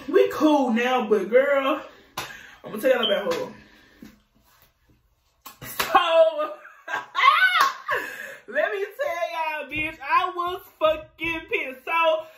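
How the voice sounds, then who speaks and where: A young adult woman telling a casual storytime vlog, animated and profane, laughing often. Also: high-pitched, distant mic. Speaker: vlogger. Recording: echoey room, voice off-mic.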